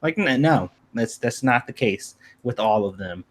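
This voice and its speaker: A man co-hosting a casual podcast, his voice sitting in an ordinary middle pitch. He makes his case bluntly, with blunt profanity throughout. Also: lively intonation, a little slow. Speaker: podcast co-host. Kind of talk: casual chat.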